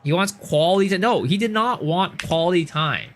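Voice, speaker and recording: A young man streaming games, chatting casually and telling long rambling stories full of fillers, getting loud and exasperated when he rants. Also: high voice, expressive, normal speed. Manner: rambling anecdotal storytelling with many fillers. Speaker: game streamer. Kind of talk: casual live-stream chat.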